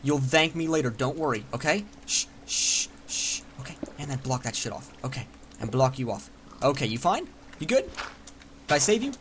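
A young man giving casual, excitable commentary while playing a building game, chatting to himself and swearing freely. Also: mid-range voice, brisk, slight background noise. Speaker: Minecraft let's player.

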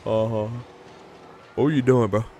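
A man's voice: on the low side, steady tone, normal speed, dark tone, slight background noise. A man swearing and teasing his friends while streaming a car soccer game. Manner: profane, teasing. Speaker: gamer on a stream. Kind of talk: casual gaming chat.

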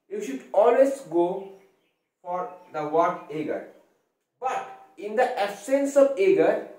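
Indian English male tutor, fairly high voice, slow explaining manner, recorded from afar in an echoey room. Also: darkish tone. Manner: explains slowly, spells words out letter by letter. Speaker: English teacher. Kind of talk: exam-prep lesson. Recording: very echoey room, voice far from mic.

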